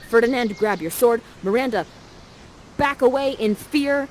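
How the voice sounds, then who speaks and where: A woman's voice: on the high side, unhurried, a little mellow, a little hiss or hum, low-quality recording. A young woman acting as a live interactive theater narrator who guides the audience in a bubbly, casual way, full of "like". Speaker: immersive theater actor guiding the audience.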